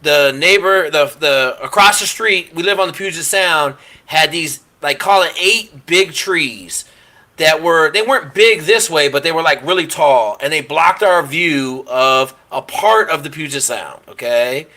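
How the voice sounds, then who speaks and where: A man, a former SEAL on a panel, telling stories in casual chat and shouting out the quoted lines. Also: fairly high pitch, a little slow.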